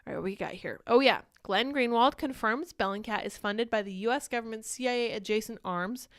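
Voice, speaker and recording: A woman's voice: fairly high pitch, brisk, fairly bright tone. A young woman hosting a casual live-stream show, chatting animatedly and reading viewer comments aloud, a little short of breath. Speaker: livestream show host.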